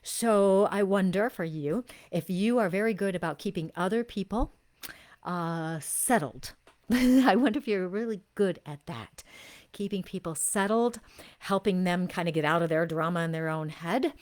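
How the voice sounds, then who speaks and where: A woman hosting a live-stream soul reading for viewers, speaking in effusive, gushing praise and slowing into drawn-out phrases while she senses each person. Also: fairly low pitch, darkish tone. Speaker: intuitive reader and show host.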